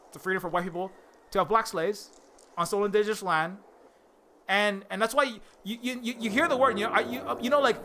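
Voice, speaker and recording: A man's voice: sits high, fast talker, sharp tone. A man on a live stream, ranting heatedly and sarcastically, stumbling over restarts and mocking people as he goes. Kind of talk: rambling political rant on a live stream.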